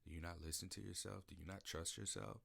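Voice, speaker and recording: A man's voice: low voice, steady tone, fast, vocal fry, a bit bright, husky. A man hosting a podcast, speaking an emotional, searching personal monologue in a studio, often repeating himself. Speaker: podcast host. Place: recording studio.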